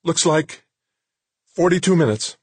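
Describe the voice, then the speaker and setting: A man's voice: on the high side, lively intonation, a little slow, breathy edge, dry recording, pitched above the performer's own voice. A man reading an audiobook, voicing an alarmed female communications technician in clipped, urgent reports.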